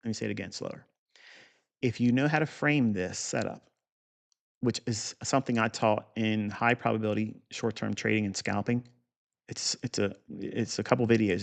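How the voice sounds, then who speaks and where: A gravelly man's voice at an average pitch, teaching a live trading lesson. He talks bluntly and swears, drifting into rambling asides before he comes back to the point. He sounds middle-aged. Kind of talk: unscripted livestream lesson.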